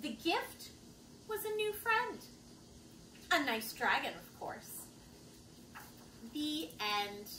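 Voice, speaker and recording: Bright, high-voiced storytime reader. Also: female voice, roomy sound, slight background noise, rough recording. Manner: playful, expressive read-aloud with dramatic pauses and asides. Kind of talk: reading a picture book aloud to children.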